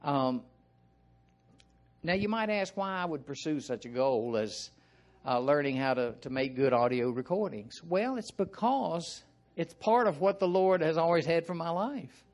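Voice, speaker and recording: An older man with a Southern American accent, preaching an informal sermon in a folksy, rambling way with frequent asides and throat clearing. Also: on the high side, lively intonation, unhurried, a little mellow.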